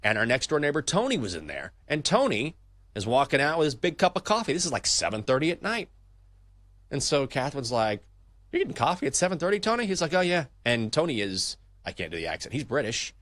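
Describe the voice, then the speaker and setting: A man hosting a morning sports betting show, chatting and telling stories in a lively, casual way. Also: mid-range voice, brisk, dry recording. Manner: chatty storyteller, energetic. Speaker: show host.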